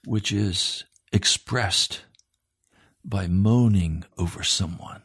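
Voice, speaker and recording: Slow, gravelly-voiced male preacher. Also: low-pitched, a bit bright. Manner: emphatic, repeats phrases for weight. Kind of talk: sermon.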